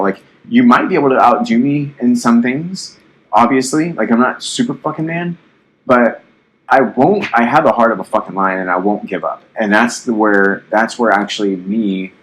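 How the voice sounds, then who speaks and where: A man's voice: mid-range voice, moderate pace, rough recording. A young man in his twenties hosting a casual podcast, rambling bluntly with lots of swearing and fillers; his voice sounds youthful. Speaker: podcast host.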